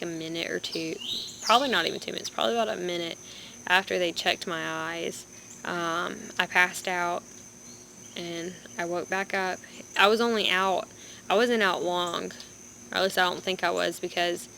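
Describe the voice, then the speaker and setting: A young woman vlogger, in pain and low on energy, telling a story in a rambling, halting way into a phone. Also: vocal fry, pushed and bright, rough recording. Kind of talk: casual vlog storytelling. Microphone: phone camera. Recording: background noise with birds and insects.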